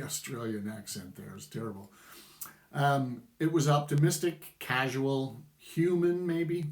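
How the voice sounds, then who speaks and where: Slow-talking middle-aged man, wry opinions. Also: mid-range voice, darkish tone, echoey room. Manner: opinionated, conversational, chuckles wryly. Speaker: vlogger. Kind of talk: casual commentary to camera.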